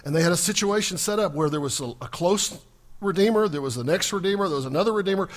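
A man's voice: high voice, quick pace. A man preaching a sermon, asking the congregation questions and acting out the scripture dialogue. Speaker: pastor.

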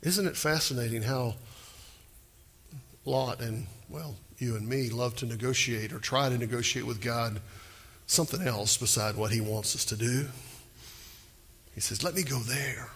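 A male pastor preaching a sermon, animated and emphatic, asking the crowd questions. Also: medium pitch, unhurried, pauses often, slightly rough, big-room sound.

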